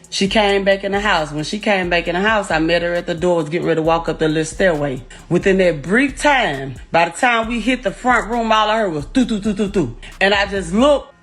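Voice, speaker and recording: Grieving middle-aged mother, raw and cursing, mid-pitched, faint music under her. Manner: raw, profane, rising to anguished outbursts. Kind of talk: emotional first-person account.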